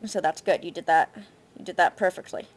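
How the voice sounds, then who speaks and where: A woman Spanish teacher, recording patient spoken feedback on a student's essay, thinking aloud with frequent pauses and fillers. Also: lowish voice, steady tone. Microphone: computer mic for screen recording.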